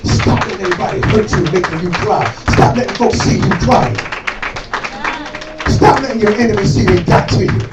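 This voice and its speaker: High-voiced preacher in an echoey church. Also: male voice, recorded from a distance. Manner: call-and-response preaching, builds to shouting. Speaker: pastor. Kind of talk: sermon. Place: church sanctuary. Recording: echoey church room, voice from afar. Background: congregation responding, organ music.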